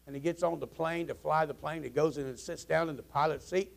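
Folksy preacher, male, high and gravelly, loose rambling delivery to his congregation. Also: steady tone, a little fast. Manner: folksy, rambling storyteller with restarts. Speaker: pastor. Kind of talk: joke-telling before a sermon. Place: church sanctuary.

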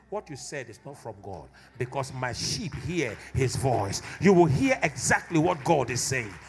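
A male pastor delivering an impassioned sermon in church, building to shouted exhortation. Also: a little high.

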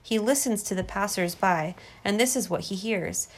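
A woman reading a storybook aloud to her child, gentle and expressive. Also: medium pitch, normal speed.

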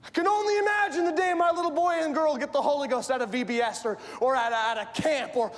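A man preaching a sermon in a church, telling a story with lively, often shouted delivery. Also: extremely high pitch, fast talker. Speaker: pastor. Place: church sanctuary. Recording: echoey church hall.

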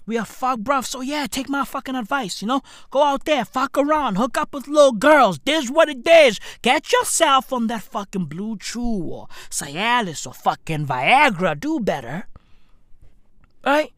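Slow, swooping, profane comic ranter. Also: female voice, on the high side, expressive, a bit bright, no room sound, studio quality. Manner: rambling, profane, keeps asking "right?"; slangy, calls listeners "bruv". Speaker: podcast host. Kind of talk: profane comedic rant.

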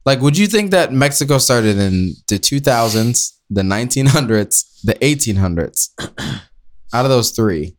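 Male podcast host, lively pitch, rambling and jokey, casual banter into a podcast mic. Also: unhurried. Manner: rambling, jokey, goofy tangents.

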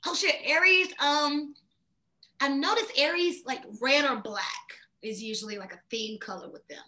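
Bright, high-voiced chatty woman. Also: normal speed. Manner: animated, chatty, lots of fillers. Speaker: astrology guest. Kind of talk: casual chat.

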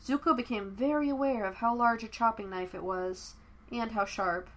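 A woman narrating fan fiction as an audiobook, telling the story in a steady, even way. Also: a little high, moderate pace.

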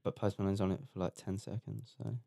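Young man, joking podcast co-host, lowish voice, dry. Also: flat delivery, quick pace, creaky, dark tone, no echo. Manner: teasing, laughs a lot. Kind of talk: casual chat.

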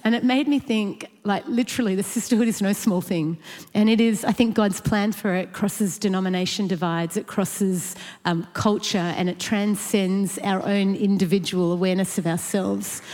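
A woman recounting a personal story to a church audience, lively and quick to laugh. Her voice carries a long reverb tail, as if recorded in a large hall. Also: medium pitch. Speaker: church speaker sharing a story. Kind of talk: storytelling talk.

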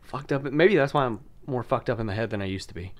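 A man's voice: mid-range voice, quick pace. A young man telling rambling, profane stories in casual chat, laughing often. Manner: rambling storyteller, laughs a lot, swears freely.

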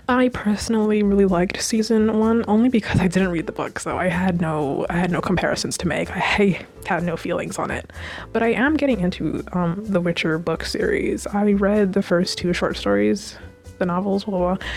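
A woman's voice: on the low side, darkish tone. A young woman hosting a podcast in casual chat, rambling and gushing with lots of fillers, on a home mic. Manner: chatty and rambling, with many fillers and gushing asides. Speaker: podcast host recapping a TV series.

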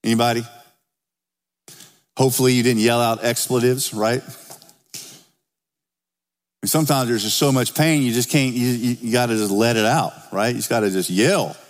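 A man's voice: medium pitch, normal speed, long pauses, in a large hall. A man preaching a sermon as pastor, talking to the congregation in a conversational way and lifting his voice when he reads scripture. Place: church sanctuary.

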